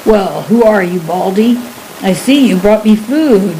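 A woman reading as a brusque, lonely giant man fires off exasperated questions at a frightened stranger. The tone stays mellow and unhurried, with faint hiss behind it in this storybook reading. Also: medium pitch, expressive, rough recording. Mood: gruff. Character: gruff lonely giant man, blunt and impatient.

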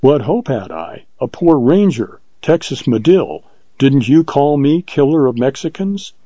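An earnest, bold frontier ranger, voiced by a male narrator, speaks in a measured way. His tone is mellow and dark. The sound is dry and slightly lo-fi. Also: mid-range voice, big pitch swings, no room sound, pitched above the performer's own voice.

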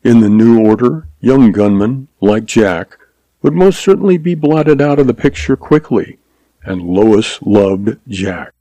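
Man, storyteller, western tale, measured dramatic reading, dark mellow voice, dry close sound. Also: fairly low pitch, expressive, no room sound, poor audio. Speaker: narrator. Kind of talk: scripted narration of a western story.

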